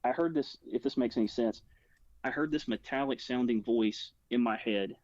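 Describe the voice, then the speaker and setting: A man's voice: medium pitch, moderate pace, darkish tone, no room sound, muffled recording. A man talking as a guest, telling a personal story in a rambling way, full of "like" and restarts. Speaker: guest recounting a personal experience. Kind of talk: casual spoken storytelling.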